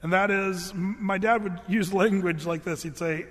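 A man's voice: high-pitched, steady tone, normal speed, fairly bright tone. A man preaching a sermon in an earnest, conversational way, often restarting his phrases. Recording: long hall reverb.

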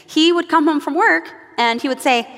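A middle-aged woman leading a moms' Bible study, sharing family stories in a chatty, animated way. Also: sits high, normal speed. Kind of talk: devotional teaching with personal stories. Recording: long reverb of a large room.

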